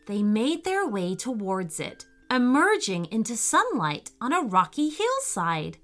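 Slow, bright-voiced woman storyteller. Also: fairly high pitch, soft background music. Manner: slow, gentle, expressive reading. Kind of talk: children's story narration.

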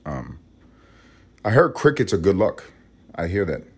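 A man from Harlem with a vocal-fry voice, rambling casually and profanely in a room at home early in the morning. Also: very animated, measured pace. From Harlem, New York. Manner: rambling, profane, low-key. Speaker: podcast host.

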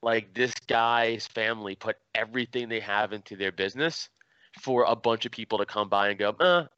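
A man hosting a podcast in casual chat, telling stories in an animated, profane way. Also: fairly low pitch, a little fast, dull audio, slight background noise. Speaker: podcast host.

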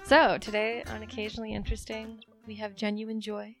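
Gravelly flat-voiced interviewer. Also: female voice, medium pitch, a little fast, over music. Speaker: podcast interviewer. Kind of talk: casual interview.

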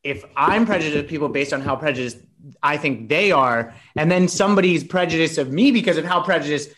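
Guy cohosting a chat podcast, bit high pitched, teasing, trips over his words. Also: a little fast, a bit bright. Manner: teasing, hesitant restarts. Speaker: podcast co-host. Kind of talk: casual chat.

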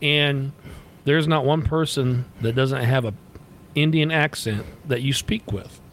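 A man's voice: mid-range voice, a little slow, fairly bright tone, slight background noise. Blunt, profane American man. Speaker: podcast co-host. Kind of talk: casual chat.

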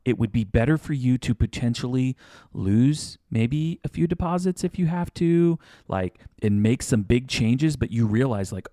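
A man's voice: mid-range voice, lively intonation, moderate pace, mellow, no echo, clean studio sound. A man co-hosting a wedding-planning podcast in casual chat, rambling and correcting himself as he spins hypothetical examples. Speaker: podcast co-host.

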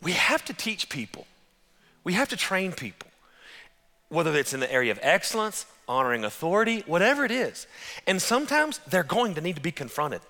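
A man preaching a sermon as pastor, telling stories in an animated, conversational way. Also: high-pitched, fairly quick, in a large hall.

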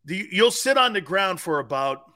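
A man's voice: sits high, normal speed. A man co-hosting a sports talk show, telling stories animatedly and tossing in "man" and "dude" as he goes. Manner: animated storyteller, peppers speech with "man" and "dude". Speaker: sports radio co-host.

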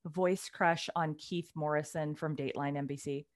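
A middle-aged woman with a light Southern twang, co-hosting a casual podcast chat with quick laughs. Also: sits low. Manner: animated, chatty, quick laughs. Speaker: podcast co-host.

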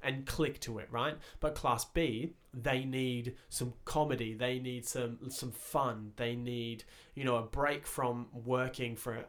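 A man's voice: medium pitch, steady tone, takes it slowly, few pauses. A young man hosting a casual podcast chat, rambling and swearing loosely as he thinks aloud. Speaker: podcast host.

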